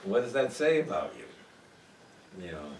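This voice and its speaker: A man's voice: low voice, sing-song, slow pace. A man leading a church Bible study, talking conversationally and putting questions to the group. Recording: echoey room, mic far off, noisy.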